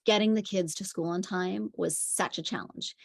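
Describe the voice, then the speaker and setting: A woman's voice: fairly low pitch, steady tone, normal speed, creaky. A woman parenting coach giving a conversational teaching talk, telling stories with frequent fillers. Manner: chatty storytelling with frequent fillers.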